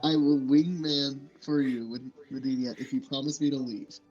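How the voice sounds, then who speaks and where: A man's voice: medium pitch, steady tone, moderate pace, a little mellow, highs cut off, faint music behind. Blunt, sarcastic man at a game table. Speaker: player.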